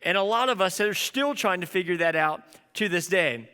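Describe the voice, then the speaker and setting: A man in his thirties, a pastor giving a sermon, telling a story in an animated, conversational way. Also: sits high, normal speed, smooth, big-room sound.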